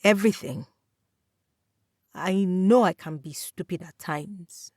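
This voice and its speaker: A woman's voice: mid-range voice, dry recording, clean studio sound. A woman voicing an apologetic young man who pleads and makes excuses to his older brother. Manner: pleading, defensive.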